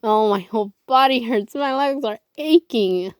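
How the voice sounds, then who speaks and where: A woman reading a story aloud and voicing a cowardly male robot underling in a pleading, whiny way, a bit higher than her own voice. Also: a little slow, smooth, dry recording, studio quality, close to an everyday voice.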